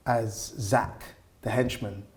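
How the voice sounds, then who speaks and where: A man's voice: on the low side, steady tone, slow pace, a crowd in the background. A man, an actor and writer, chatting casually as a podcast guest, rambling and enthusiastic with lots of fillers. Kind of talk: casual chat.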